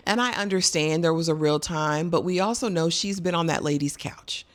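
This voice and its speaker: A woman's voice: fairly low pitch, normal speed, hardly any pauses. A middle-aged woman, chatting emphatically through a casual TV episode recap. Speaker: vlogger.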